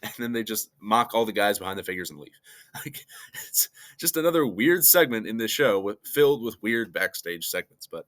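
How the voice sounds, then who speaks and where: A man's voice: fairly low pitch, expressive, normal speed, fairly bright tone. A man giving a casual, joking review of a wrestling show, often laughing between remarks.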